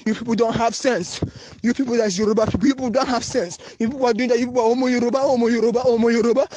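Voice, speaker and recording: A man's voice: very high voice, steady tone, racing, mellow, dry recording, muffled recording. A man with a Nigerian English accent, making an urgent, repetitive, pleading appeal in a phone voice note. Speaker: anonymous voice-note caller. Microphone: phone voice recording.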